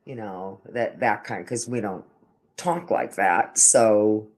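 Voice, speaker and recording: A man's voice: on the low side, takes it slowly, darkish tone. An older man talks through a long, wandering story in a plain conversational voice. He circles back on himself, stumbles over repeated words and restarts his sentences mid-thought. It sounds like an unscripted chat aimed at a camera. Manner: meandering, with frequent restarts and stammered repeats. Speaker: vlogger. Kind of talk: casual rambling storytelling.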